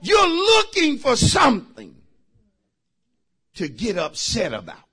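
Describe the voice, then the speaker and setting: High, lively pastor preaching. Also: male voice, slow pace, slightly rough. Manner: emphatic preaching with sudden shouted bursts; talks directly to the congregation. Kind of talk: sermon.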